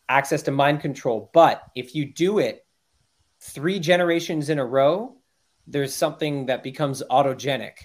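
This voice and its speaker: A man talking earnestly and emphatically as a guest on a podcast interview, with frequent restarts. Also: mid-range voice.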